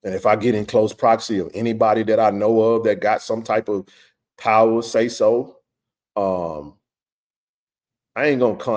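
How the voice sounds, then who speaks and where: A man's voice: lowish voice, steady tone, moderate pace, long pauses, a little mellow. A middle-aged man hosting a live sports stream, talking with passionate, blunt, emphatic energy and plenty of slang.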